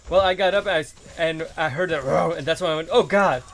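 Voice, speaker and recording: A man's voice: a little high, quick pace. A man chatting casually with a friend while playing a game, in an easygoing way. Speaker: gamer. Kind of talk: casual chat while gaming.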